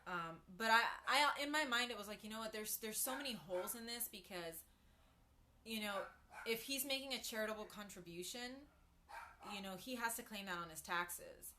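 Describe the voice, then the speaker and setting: Chatty bright-voiced woman live-streaming. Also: a little high, normal speed, slight background noise. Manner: chatty, greets viewers mid-story, frequent ums and asides. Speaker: livestreamer. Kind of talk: casual live-stream talk to viewers.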